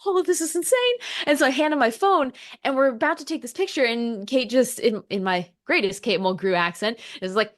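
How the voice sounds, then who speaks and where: Excited, laughing woman telling stories. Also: on the high side, brisk, hardly any pauses. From United States. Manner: excited, laughing, animated storytelling with quoted voices. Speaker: podcast guest, meteorologist. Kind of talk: casual conversation.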